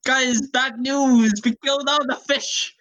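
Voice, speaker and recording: An excitable, chaotic man who keeps breaking into laughter, as a woman improvises him. His voice is bright, sharp and fairly high, and it bounces between alarm and glee. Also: unhurried, low-quality recording. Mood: panicked. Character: excitable Irish potato-obsessed acid man. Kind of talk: improvised comedy role-play.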